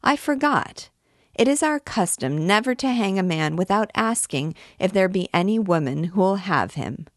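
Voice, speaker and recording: A woman voicing a boisterous male king of vagabonds who hawks loudly like an auctioneer, in a storybook reading. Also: medium pitch, lively intonation, normal speed, no echo, clean studio sound, voice pushed up, lightly acted. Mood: rowdy. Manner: loud, hawking like an auctioneer.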